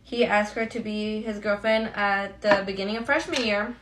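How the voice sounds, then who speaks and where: A woman's voice: medium pitch, steady tone, normal speed, background noise. A young woman chatting casually while getting ready, telling a storytime to her viewers in a slangy, friendly way. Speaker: beauty vlogger. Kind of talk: get-ready-with-me storytime chat.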